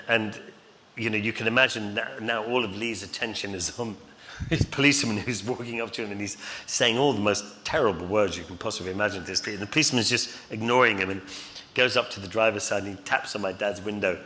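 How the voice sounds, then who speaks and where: A man's voice: fairly low pitch, quick pace, pushed and bright. A middle-aged man telling rambling, chuckling anecdotes on stage as a guest, with many fillers. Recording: reverberant hall, faint noise.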